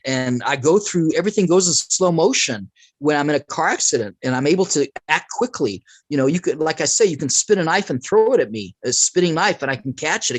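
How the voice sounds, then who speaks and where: A man tells a long, winding story as an interview guest, animated and prone to tangents. His voice sits a little high for a man. The sound is dry and close, with no room around it. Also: no room sound, poor audio. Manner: rambling, animated, acts out quoted speech. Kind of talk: casual storytelling in conversation.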